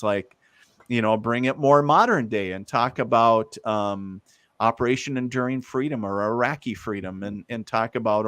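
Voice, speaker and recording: A man's voice: medium pitch, a bit bright, dry recording. A man, a guest medium, telling stories in a casual, rambling way with lots of fillers. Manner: rambling, many fillers, laughs easily. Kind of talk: casual storytelling.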